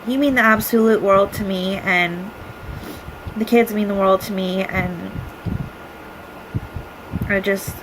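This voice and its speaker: A young woman recording a personal video message to her partner, speaking in an emotional, halting way with many pauses as she holds back tears. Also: medium pitch, fairly even intonation, background noise. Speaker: vlogger.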